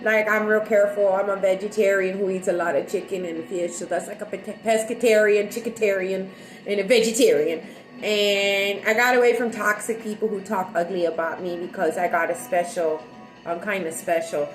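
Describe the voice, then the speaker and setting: A woman vlogger chatting casually with her viewers, talking fast and loud with restless, excitable energy. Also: medium pitch, roomy sound, faint music behind, low-quality recording. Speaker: live-stream vlogger. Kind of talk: casual rambling chat with viewers.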